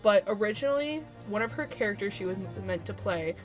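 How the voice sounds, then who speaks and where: A woman's voice: mid-range voice, expressive, fairly quick, faint music behind. A woman streaming, chatting casually in a rambling, chatty way and laughing often. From United States. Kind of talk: casual chat while playing a game.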